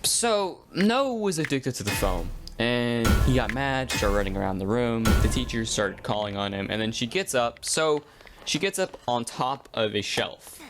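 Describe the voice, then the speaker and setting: A young man telling a school story in a casual, rambling way while gaming, slipping into quick voiced quotes. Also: medium pitch, lively intonation, music in the background. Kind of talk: casual storytime over gameplay.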